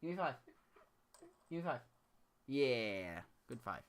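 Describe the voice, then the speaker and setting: A man's voice: medium pitch, big pitch swings, slow pace. A man chatting casually with his family while streaming from a room at home, in an easygoing, teasing way. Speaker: game streamer. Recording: noisy home stream audio.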